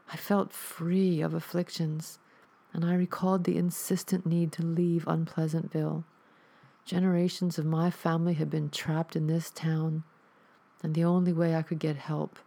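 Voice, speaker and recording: A woman reading a first-person horror story aloud as narrator, in a steady storytelling delivery. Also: low voice, a little slow, vocal fry.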